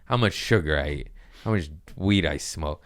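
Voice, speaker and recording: A man with a deep, smooth voice talks casually on his own podcast. He rambles loosely and crudely, mocking himself as he goes, and keeps it loose and unpolished. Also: animated, normal speed, fairly bright tone. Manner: rambling, crude, self-mocking and laughing often. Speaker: podcast host. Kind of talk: casual solo chat.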